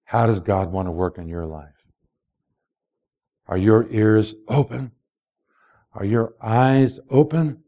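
A man's voice: lowish voice, slow, pauses often, dark tone. A man in his late sixties preaching a folksy, storytelling sermon, asking the congregation direct questions. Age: 60s. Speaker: pastor.

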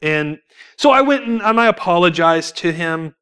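A young man shares his testimony at church, slightly higher-pitched than most men. He tells his story with lively swings in pitch, breaks into laughter often and acts out the lines of others. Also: moderate pace, clean tone. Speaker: church speaker sharing testimony. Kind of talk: sermon testimony.

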